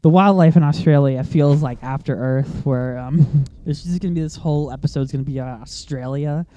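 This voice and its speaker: Faint game music plays under this lo-fi recording of a man with a fairly high, dark-toned voice speaking fairly quickly. Commentating casually on his own gameplay, he drifts into tangents, using lots of fillers and laughing often.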